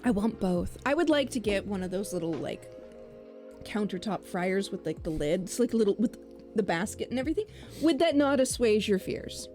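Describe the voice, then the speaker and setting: A woman chatting casually as co-host of a stream, relaxed and laughing often, bothered by hiccups. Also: medium pitch, a little fast, soft background music. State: has the hiccups. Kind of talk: casual chat.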